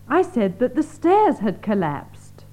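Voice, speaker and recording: Woman, grammar drill reader, clear and deliberate, fairly high lively voice. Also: poor audio. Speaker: exercise reader. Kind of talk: reading language-drill examples.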